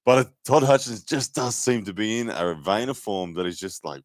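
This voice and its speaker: A man's voice: lowish voice, animated, normal speed, no echo, studio quality. A man hosting a live sports commentary stream in a chatty, filler-heavy way. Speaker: host and commentator.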